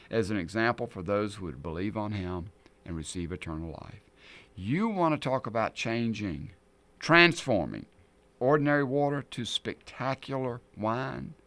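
Male pastor, lively and bright, emphatic sermon delivery, dry close sound. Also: medium pitch, dry recording. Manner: emphatic, swings between loud stresses and quiet asides.

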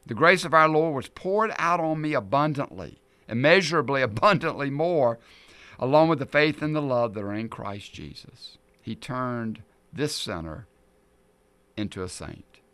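A man preaching a sermon, reading scripture aloud and pressing each point with loud stresses and then dropping to quiet asides. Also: mid-range voice, lively intonation, normal speed, clean tone, no room sound. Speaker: pastor.

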